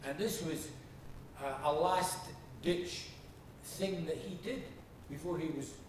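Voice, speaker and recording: A man's voice: a little high, slow, a little hiss or hum. A man with a Scottish accent from Ayrshire, chatting in a rambling, storytelling way between songs at a live show in a motel room. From Ayrshire, Scotland. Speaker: singer-songwriter introducing songs. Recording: very echoey room, distant mic, guitar. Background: acoustic guitar.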